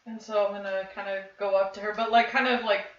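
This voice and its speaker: A woman's voice: mid-range voice, level tone, fast. Woman player in an echoey muffled room. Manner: casual, giggly. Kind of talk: playing a tabletop game. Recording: echoey muffled recording with faint hiss.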